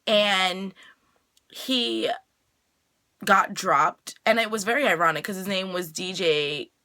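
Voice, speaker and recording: This TV review vlogger talks through an episode on her own channel in a loose, filler-heavy way, peppering it with "like" and "you know." Her mid-range voice moves slowly and sounds pushed and bright.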